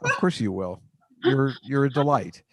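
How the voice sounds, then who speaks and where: A middle-aged man hosts a casual comedic sports chat, needling his guests with dry, teasing remarks. His voice sits at an ordinary middle pitch and is recorded close and completely dry, with no room sound. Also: expressive, normal speed, no room sound. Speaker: host.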